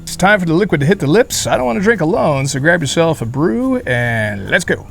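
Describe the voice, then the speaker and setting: A man's voice: fairly high pitch, sing-song, fairly quick, gravelly, faint music behind. A man hosting a casual beer review vlog outdoors in a beer garden, chatty and rambling with jokey asides, sweating in the heat. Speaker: beer reviewer, channel host.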